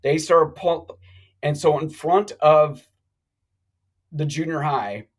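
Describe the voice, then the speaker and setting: A middle-aged man telling a long story on a live talk show, animated and rambling, with many restarts. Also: fairly high pitch, slow, low-quality recording. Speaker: guest.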